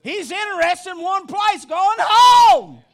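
A man with a very high voice preaches a sermon at an unhurried, drawn-out pace. His delivery is impassioned and swells into shouting, and his voice breaks into a cry at the peaks.

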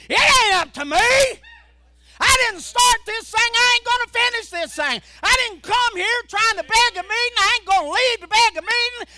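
A man preaching a fiery revival sermon as an evangelist, building from quiet talk to shouted preaching. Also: very high-pitched, a little hiss or hum.

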